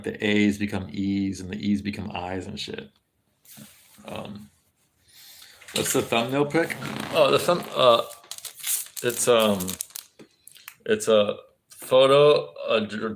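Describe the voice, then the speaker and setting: A man's voice: on the low side, creaky. An American man from California, chatting casually on a livestream, rambling and swearing a lot with plenty of fillers as he answers chat. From California, USA. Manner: rambling, profane, lots of fillers.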